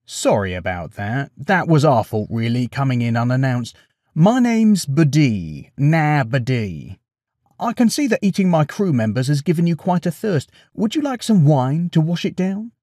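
A crafty, bold hero king from a storybook, voiced by a male storyteller. He talks slyly and shouts with defiance. His voice is dry and close. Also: fairly high pitch, sing-song, moderate pace, no room sound. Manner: sly and persuasive, then shouting defiance.

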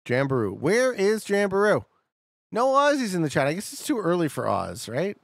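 Lively, gravelly-voiced male streamer. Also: high-pitched, moderate pace, dry recording, studio quality. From Canada. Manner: chatty, talks to chat, excitable outbursts. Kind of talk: casual live-stream commentary.

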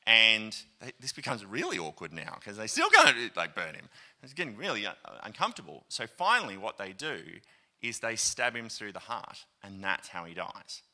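An Australian man preaching a sermon, telling a story with lively asides, acted-out quotes and plenty of ums and uhs. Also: on the low side, normal speed. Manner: animated, acts out quoted voices, many fillers. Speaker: pastor. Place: church auditorium.

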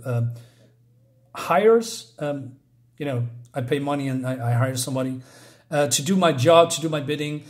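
A man casually recapping and reviewing a comic book, rambling with frequent fillers and self-corrections. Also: a little high.

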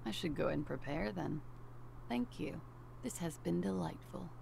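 An actress voicing a wry, teasing woman in a video game, with a dry, mocking way of talking and a gravelly voice. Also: on the low side, a little slow, a little mellow, a little hiss or hum.

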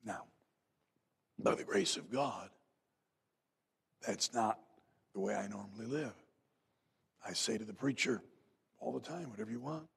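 A man preaching a revival sermon in a church, telling folksy stories and rising to loud emphatic peaks. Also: fairly low pitch, measured pace, gravelly, long pauses, husky. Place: church sanctuary.

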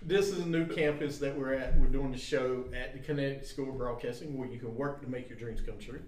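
A man co-hosting a wrestling talk show in a studio, upbeat and excitable in casual chat. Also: medium pitch, fairly quick, slight background noise. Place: broadcasting school studio. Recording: echoey room, distant mic.

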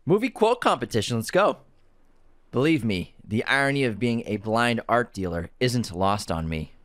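A man co-hosting a movie podcast, chatting casually and teasing his co-host, with quick bursts of laughter. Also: fairly low pitch, a bit bright. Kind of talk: casual chat and ad reads.

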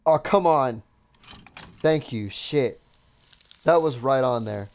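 A man narrates his own gameplay in loose, excitable commentary, cursing freely and calling out to his viewers. His voice sits at an ordinary middle pitch. The recording sounds a little dull and lo-fi. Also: takes it slowly, clean tone. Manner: excitable, swears often, talks to viewers. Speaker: gaming video host. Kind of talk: casual let's-play commentary.

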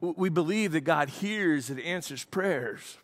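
A pastor delivers a sermon in a church, telling the story with animated energy. His voice sits a little higher than most men's. He acts out the quotes as he goes. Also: unhurried.

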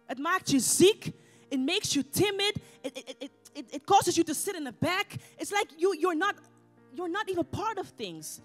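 A woman with a high voice preaches a sermon at a church service. She is passionate, driving her declarations home at full volume and slipping into Dutch phrases. Faint music plays behind her. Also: animated, normal speed. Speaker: deaconess preaching. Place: church service with live congregation.

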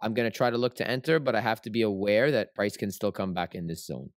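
A man's voice: lowish voice, fast, no echo, clean studio sound. A man hosting a trading livestream, teaching in a casual, rambling way with lots of fillers and tag questions.

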